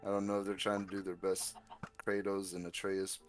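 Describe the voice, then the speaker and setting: A man playing a game alongside the streamer, chatting casually with dry, deadpan quips. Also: sits low, brisk. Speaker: co-player. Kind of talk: casual chat while gaming. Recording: music behind the voice.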